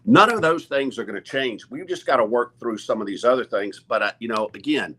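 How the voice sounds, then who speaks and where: A man's voice: medium pitch, brisk, bright, forceful tone, slightly rough. A man who is a college athletic director, talking earnestly as a guest on a sports talk show, stopping and restarting often with lots of fillers.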